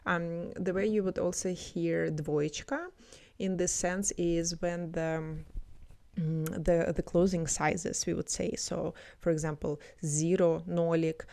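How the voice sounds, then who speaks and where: A woman explains words and phrases in a relaxed, teacherly way, filling her pauses with ums. Her voice sits low for a woman. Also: creaky. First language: Russian. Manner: explanatory, many fillers. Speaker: language teacher. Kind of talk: explaining language clips.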